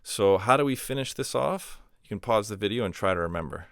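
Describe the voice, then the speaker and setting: A man calmly teaching a recorded grammar lesson, explaining step by step with example phrases and a few ums and uhs. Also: lowish voice, brisk, dry recording, clean studio sound. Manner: patient explaining with spoken examples, fillers like um and uh. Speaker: language teacher.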